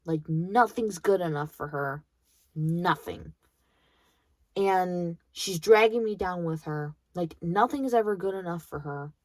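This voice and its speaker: A woman's voice: on the low side, measured pace, no room sound. A young woman in college venting bluntly about her grandmother, swearing freely in a bitter monologue. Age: young adult. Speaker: vlogger.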